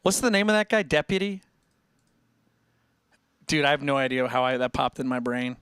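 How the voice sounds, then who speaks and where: Rambling, bright-voiced streamer guy. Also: medium pitch, animated, moderate pace, clean tone, no room sound, clean studio sound. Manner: rambling, self-interrupting, reads chat aloud. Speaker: livestream host. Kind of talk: casual livestream chat.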